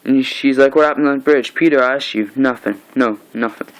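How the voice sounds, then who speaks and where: A man's voice: mid-range voice, a little fast, rough recording. A young man recapping a comic book issue in a casual vlog, rambling and restarting as he retells scenes. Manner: rambling, loose retelling with many restarts and "he's like".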